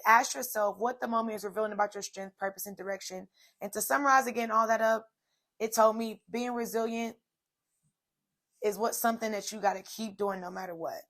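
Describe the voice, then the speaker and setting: Woman in her twenties, podcast host, casual chatty storytelling, slightly high voice, lots of fillers. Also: a bit bright. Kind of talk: casual solo podcast talk.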